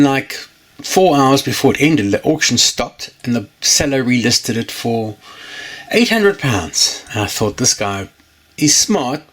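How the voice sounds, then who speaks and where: A man's voice: mid-range voice, a bit bright, husky. A man hosting his own channel in a casual chat to camera, rambling and jokey, often correcting himself mid-sentence. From United Kingdom. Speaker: channel host.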